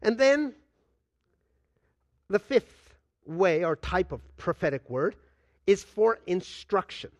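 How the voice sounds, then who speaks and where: An older man preaching a sermon as a pastor, swinging between loud and hushed delivery and acting out quoted dialogue. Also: sits high, big pitch swings, slow, long pauses, no room sound. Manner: acts out dialogue with God in quoted voices.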